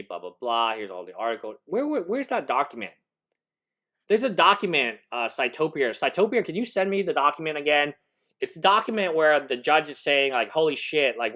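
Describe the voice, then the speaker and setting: A man's voice: mid-range voice, pushed and bright. Incredulous man reacting live. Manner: incredulous, laughing, rambling with restarts. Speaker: lawyer streamer reacting live.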